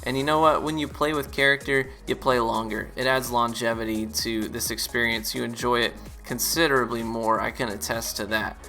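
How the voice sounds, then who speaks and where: A man giving relaxed, chatty gameplay commentary as a streamer. He uses lots of fillers and laughs easily. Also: medium pitch, moderate pace, hardly any pauses, faint music behind. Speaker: gaming YouTuber and streamer.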